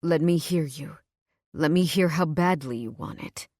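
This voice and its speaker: A woman voicing an intense, possessive young man in an audiobook, in a low, murmured, earnest way. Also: measured pace, darkish tone, no echo, clean studio sound. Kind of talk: audiobook character voice.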